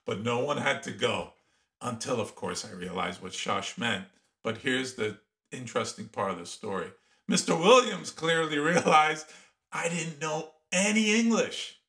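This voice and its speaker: Middle-aged guy from iran telling his story, bright voice, gets really animated. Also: mid-range voice, a little slow. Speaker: podcast guest. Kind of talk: storytelling in an interview.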